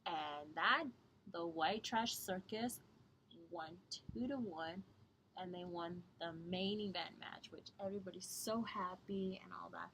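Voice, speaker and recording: A young woman from Southern Ontario gives a rambling, profane review of a wrestling show in a casual vlog, talking low so she won't wake the house. Her voice is fairly bright and unhurried, with slight background noise.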